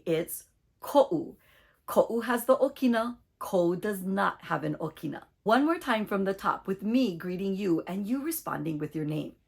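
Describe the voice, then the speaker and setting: Leading repeat-after-me drills in a brief online language lesson, a woman speaks in a clear, deliberate way. Her voice sits on the lower side.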